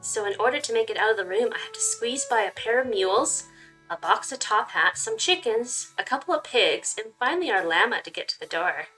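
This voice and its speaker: A woman's voice: a little high, expressive, a little fast, sharp tone, soft background music. Giggly, chatty woman playing a story game. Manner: giggly, chatty, lots of likes and you-knows. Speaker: gaming channel host. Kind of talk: casual game playthrough commentary and reading aloud.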